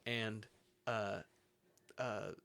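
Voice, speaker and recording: A man co-hosting a casual podcast, recapping a comic book in an animated way and laughing often. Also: on the low side, very slow, creaky. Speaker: podcast co-host. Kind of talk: casual chat.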